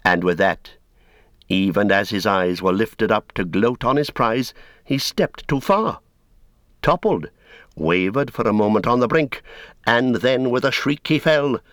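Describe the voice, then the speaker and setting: Guy reading an epic audiobook, low voice, super slow and grave, dry close sound. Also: expressive, fairly bright tone, no room sound. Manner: slow, grave, deliberate storytelling with dramatic swells. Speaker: audiobook narrator. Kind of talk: scripted dramatic narration.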